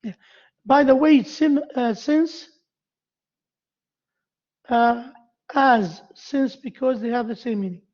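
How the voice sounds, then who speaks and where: A male university lecturer giving a grammar lesson to a class, halting and repeating himself as he quizzes his students. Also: extremely high pitch, darkish tone, highs cut off.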